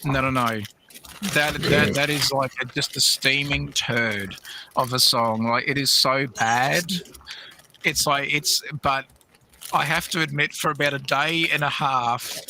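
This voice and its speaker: A man's voice: medium pitch, fairly even intonation, moderate pace, bright, forceful tone, a little hiss or hum. A middle-aged man hosting a livestream, telling a rambling, laughing story with many restarts. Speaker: livestream host. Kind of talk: casual storytelling chat.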